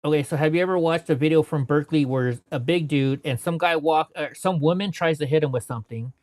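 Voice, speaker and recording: A man speaking as an interview guest, relaxed and rambling as he tells long stories. He keeps dropping "you know" between thoughts. The sound is dry and close, with no room echo. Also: fairly high pitch, quick pace. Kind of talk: casual storytelling interview.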